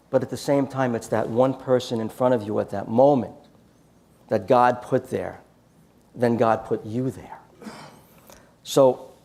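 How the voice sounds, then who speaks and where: A man's voice: medium pitch, warm tone. A man giving a storytelling talk at a church conference, acting out quoted dialogue in his anecdotes. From United States.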